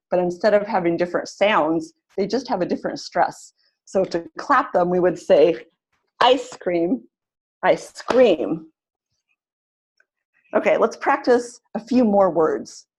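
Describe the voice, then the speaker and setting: A woman leading an online teacher-training webinar, speaking clearly and encouragingly and exaggerating the stress on words she models. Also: fairly low pitch, a little mellow. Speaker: webinar facilitator.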